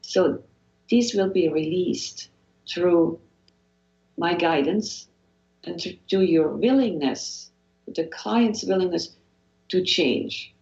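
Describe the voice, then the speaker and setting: A Swiss-accented woman with a fairly low voice speaks as a guest in an interview, earnest and encouraging. She often restarts her sentences and repeats phrases. The recording is dull and lo-fi with a roomy echo. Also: takes it slowly, vocal fry, pauses often, darkish tone. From Switzerland. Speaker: guest, hypnotherapist. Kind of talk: motivational interview talk.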